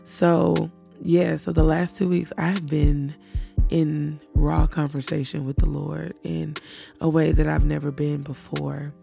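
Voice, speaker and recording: Woman host talking slow and candid about faith stuff, real gravelly voice, lots of ums. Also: low voice, level tone, mellow, faint music behind. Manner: candid and reflective, halting with frequent fillers. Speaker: podcast host. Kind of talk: personal faith podcast monologue.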